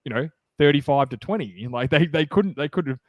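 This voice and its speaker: A man co-hosting a sports podcast, chatting casually and getting excited, rambling with many fillers and restarts. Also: fairly high pitch, brisk, no echo, lo-fi sound. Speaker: podcast co-host.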